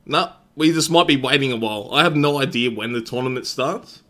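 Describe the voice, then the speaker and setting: A man's voice: mid-range voice, a little fast, a bit bright. A young Australian man hosting a game tournament live-stream, chatting casually with his viewers and swearing freely.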